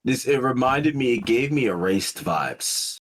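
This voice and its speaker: A man's voice: mid-range voice, animated, unhurried. Guy on a chill podcast, lots of restarts and slang, kinda loose delivery. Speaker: podcast co-host. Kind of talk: casual chat.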